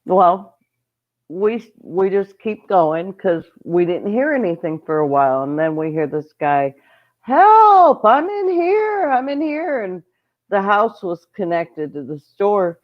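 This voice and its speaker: Woman, homestead host, casual livestream chat, rambling, slow-paced, muffled lo-fi audio. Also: lowish voice. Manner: chatty, rambling, greets viewers mid-story.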